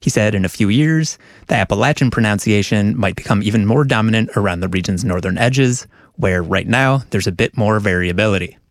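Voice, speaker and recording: A man narrating a radio news feature in an even, measured way. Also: on the low side, no echo, studio quality. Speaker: radio reporter. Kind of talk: news report.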